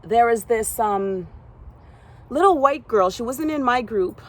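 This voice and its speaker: A young woman from Canada telling a personal story from her gymnastics past, acting out other people's lines in a higher voice. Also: animated, unhurried.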